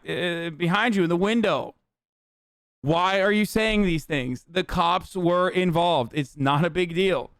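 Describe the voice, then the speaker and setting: A man's voice: sits high, fairly bright tone, clean tone, no room sound. A man in his thirties streaming a reaction, cursing and riffing sarcastically with mock impressions. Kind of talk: casual reaction commentary.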